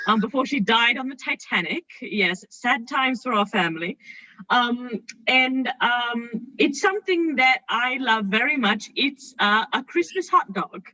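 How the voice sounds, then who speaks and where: A bright, dry voice for a vain, needy nephew hosting a party, played by a performer. He giggles and rambles, showing off to his guests. The sound is a little dull. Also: mid-range voice, no room sound. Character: vain, needy male nephew host Fred. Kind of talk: drunken improv stage comedy.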